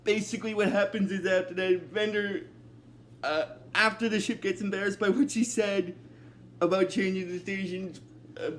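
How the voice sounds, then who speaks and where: A man's voice: high voice, steady tone, moderate pace, a bit bright, a little hiss or hum. A man casually recapping a cartoon episode, rambling with lots of "basically" and "and then," and often breaking into laughter.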